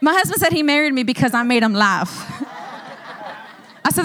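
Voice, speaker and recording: High-voiced woman pastor, animated. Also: moderate pace, long pauses. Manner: animated storytelling, breaks into laughter often. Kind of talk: sermon testimony. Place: church service.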